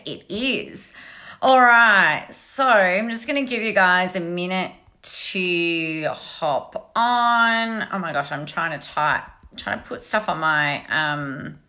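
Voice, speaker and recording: A woman's voice: fairly low pitch, pushed and bright. A woman, chatting casually and upbeat on a live stream as an online business coach, often interrupting herself. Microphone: phone.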